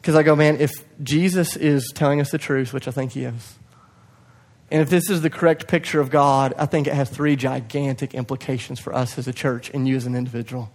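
A young man preaching a sermon to his church, passionate, swinging from loud urging to hushed quiet, with self-deprecating asides. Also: medium pitch, fairly even intonation, fairly quick. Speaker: pastor. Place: church hall.

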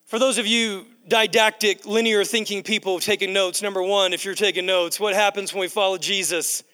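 A man's voice: sits high, fairly even intonation, a little fast, sharp tone, clean tone. A man preaching a sermon in a large church hall, emphatic and repetitive, calling the crowd "guys". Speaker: pastor. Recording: long echo of a large hall.

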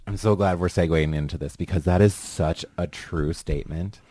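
A man's voice: deep voice, normal speed, warm tone, no echo. A man hosting a podcast, talking in an earnest, chatty way. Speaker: podcast host. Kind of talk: casual chat.

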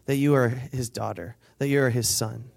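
Man giving a lively casual sermon. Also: mid-range voice, normal speed, gravelly. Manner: conversational, acts out quotes, asks the crowd for responses. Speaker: speaker at a weekend retreat.

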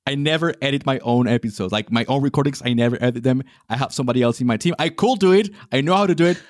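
A man's voice: mid-range voice, very fast, no room sound. Chatty podcast host, man, dry sound. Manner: hesitant, many fillers and restarts. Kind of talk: casual interview chat.

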